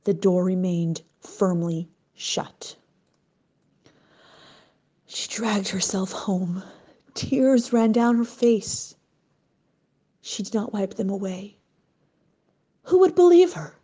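A woman narrating a story in an expressive, unhurried way. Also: mid-range voice. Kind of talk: scripted narration.

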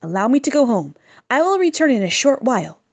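A devout, clever male advisor at court, read by a woman storyteller. He speaks earnestly and asks politely, with a lively rise and fall in his voice. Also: fairly high pitch, a little fast, pitched above the performer's own voice. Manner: earnest, pleading.

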